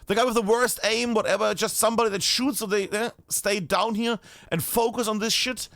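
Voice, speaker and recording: A man's voice: sits high, fairly quick, gravelly, no echo. A man from northern Bavaria, a German speaker, giving chatty live commentary on a team shooter match as caster. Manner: chatty, animated, swears casually. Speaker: esports caster.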